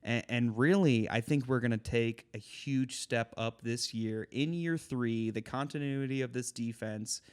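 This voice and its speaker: A young man hosts a sports podcast and keeps the talk moving with animated energy. His voice stays at an ordinary middle pitch, and he sounds upbeat and engaged. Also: measured pace, few pauses, smooth. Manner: animated, running the segment. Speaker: podcast host. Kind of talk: casual sports chat.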